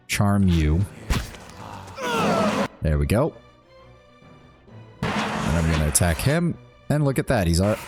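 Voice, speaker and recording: A man with a fairly low voice chatting through a game stream. He rambles, laughs easily, and reads the game's text aloud in between his remarks. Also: a little mellow. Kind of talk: casual gameplay commentary and reading game text.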